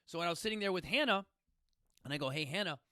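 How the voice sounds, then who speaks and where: A man's voice: high-pitched, animated, very fast, bright, forceful tone, dry recording, studio quality. A middle-aged man hosting a podcast, telling stories in a casual, emphatic, folksy way and often asking listeners questions. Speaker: podcast host. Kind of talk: casual storytelling talk.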